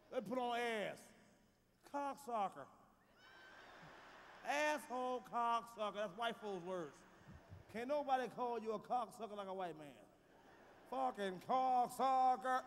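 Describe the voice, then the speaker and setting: This high-voiced male comedian performs a loud, profane stand-up routine with a booming delivery, shouting out the punchlines. The set is recorded live in a large theater, with big hall reverb and faint crowd noise.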